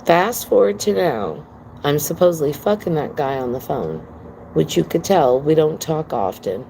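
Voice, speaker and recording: A woman's voice: deep voice, lively intonation, moderate pace, vocal fry, dark tone, a little hiss or hum, poor audio. A woman livestreaming from home on her phone, telling a story to her viewers in a blunt, profane, emphatic way and calling them "girl". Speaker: livestream host.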